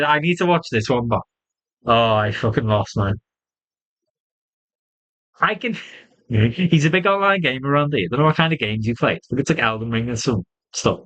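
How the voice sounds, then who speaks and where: A man giving a casual solo wrestling review, animated and swearing freely, often laughing. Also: medium pitch, normal speed, long pauses, low-quality recording.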